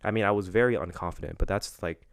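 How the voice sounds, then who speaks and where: A young man with a very low voice talks in a casual podcast chat. He tells his story earnestly, stopping and restarting often, and the mic is close and dry. There is no room sound around him. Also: gravelly, smooth, no room sound. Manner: halting, emotional storytelling with many restarts. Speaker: podcast co-host.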